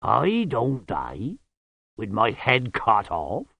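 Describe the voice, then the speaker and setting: A huge, calm yeti from a storybook rumbles along in slow, loud, drawn-out phrases, as a man narrator puts him on. The delivery is unhurried and amiable. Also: vocal fry, no echo, exaggerated voice. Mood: placid. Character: large gentle male yeti, calm and amiable.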